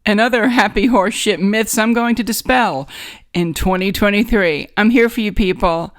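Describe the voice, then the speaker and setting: A woman's voice: medium pitch, normal speed. A woman with a New York accent hosting a podcast, giving a wry, sarcastic, rambling comedic monologue from a home studio in a guest bedroom. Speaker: podcast host.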